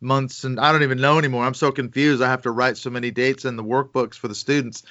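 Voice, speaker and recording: An American man who is a podcast guest and teacher, chatting casually, good-humored and quick to laugh. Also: medium pitch, level tone, sharp tone, no room sound. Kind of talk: casual interview chat. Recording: dry, slightly muffled podcast audio.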